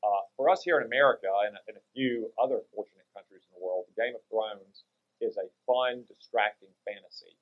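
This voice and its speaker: A man, a senator guesting on a talk radio show, speaking in a measured, lecturing way. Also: lowish voice, narrow, tinny audio. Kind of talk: political interview.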